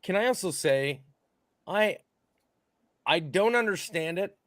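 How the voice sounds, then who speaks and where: A man's voice: high-pitched, slow pace, dry recording, studio quality. A man co-hosting a podcast, telling stories in casual banter, swearing freely and acting out what people said. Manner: animated storyteller, swears freely, acts out quotes. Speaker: podcast co-host.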